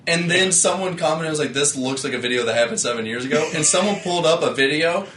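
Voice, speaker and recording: A man's voice: fairly high pitch, quick pace, fairly bright tone, reverberant, a little hiss or hum. A man co-hosting a casual podcast chat, agreeable and full of fillers. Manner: agreeable, many fillers like "like" and "yeah". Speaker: podcast co-host.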